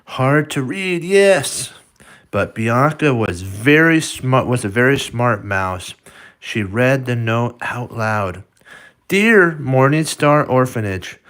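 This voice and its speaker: A man's voice: mid-range voice, a bit bright. A man reading a picture book aloud, stopping to point at the pictures and talk to the listener, with frequent restarts. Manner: halting, with restarts and asides to the viewer. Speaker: storybook reader.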